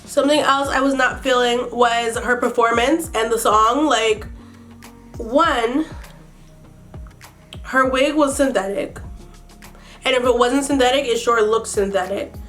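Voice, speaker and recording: A woman's voice: on the high side, a little slow, pauses often, a bit bright, faint music behind. A slightly sick woman doing a makeup tutorial while recapping a reality show in blunt, profane, sassy commentary. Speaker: beauty vlogger.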